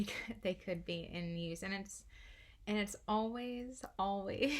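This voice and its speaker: A young woman giving a gentle, meandering spiritual card reading, laughing softly now and then. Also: on the low side, vocal fry. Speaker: oracle card reader.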